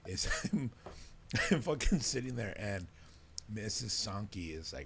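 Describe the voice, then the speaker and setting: Man, podcast host, gravelly, animated, swearing, casual storytelling. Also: on the low side, measured pace, slight background noise. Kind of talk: casual chat.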